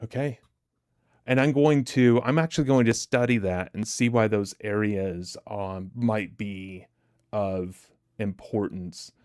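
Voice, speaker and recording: A man with a fairly low voice hosts a live trading stream in casual, chatty talk. He is self-deprecating and laughs easily. The sound is dry and close, with no room echo. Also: steady tone, slow, a little mellow.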